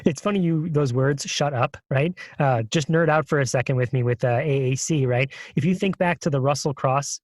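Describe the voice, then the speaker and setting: A man's voice: mid-range voice, moderate pace, few pauses, no echo. A man co-hosting a podcast, chatting casually and playfully with enthusiastic asides. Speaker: podcast co-host.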